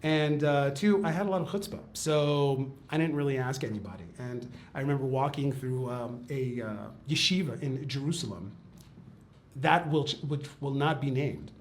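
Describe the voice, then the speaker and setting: A man, a rabbi telling a personal story in a chatty, animated way. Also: medium pitch, moderate pace, a little hiss or hum. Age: 40s. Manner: chatty, quotes others in acted asides, lots of "like" and "okay". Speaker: rabbi and teacher. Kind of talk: storytelling talk on a live-stream.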